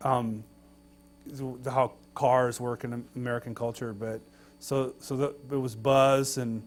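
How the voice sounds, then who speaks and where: Excitable man with faint background hiss. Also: medium pitch, a little slow. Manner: excitable, laughing, rambling. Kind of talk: anecdotal storytelling interview.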